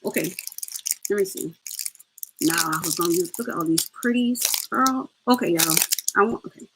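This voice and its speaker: A woman's voice: lowish voice, normal speed, background noise. A woman hosting a casual step-by-step craft tutorial, chatty and laughing as she talks to her viewers.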